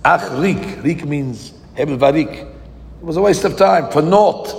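Man, Torah teacher, gravelly voice, fairly high pitch, reads verses slowly then explains, rhetorical questions. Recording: long hall reverb.

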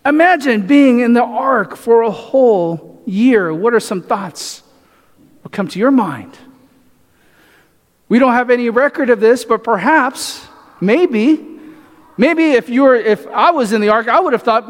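A man's voice: extremely high pitch, very animated, a little slow. A male pastor preaching a sermon, asking the congregation rhetorical questions and often adding "right?". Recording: echoey hall reverb.

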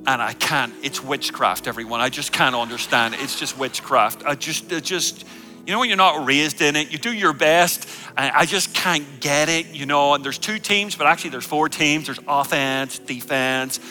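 A man preaching a sermon to a congregation as a guest pastor, humorous and energetic. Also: fairly high pitch, moderate pace, soft background music. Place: church service before a congregation.

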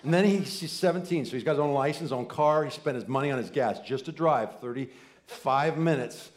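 A man in his forties preaching a sermon, telling family stories with quoted voices and swinging from loud excited bursts to soft, near-whispered lines. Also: medium pitch, brisk. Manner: animated storytelling with quoted voices and asides. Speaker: pastor.

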